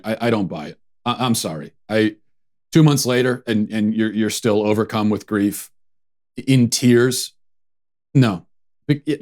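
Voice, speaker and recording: A man hosting a show, giving sarcastic, mocking political commentary. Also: mid-range voice. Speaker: host.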